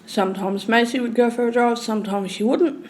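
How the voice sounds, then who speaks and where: A woman telling a long, rambling story in casual speech, swearing freely and swinging between loud and hushed. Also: a little high, fairly even intonation, brisk, slight background noise.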